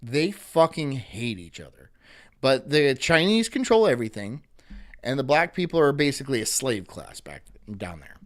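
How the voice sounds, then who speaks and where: A man's voice: mid-range voice, sing-song, moderate pace. A man hosting a livestream, ranting profanely and animatedly about news clips. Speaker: livestream host.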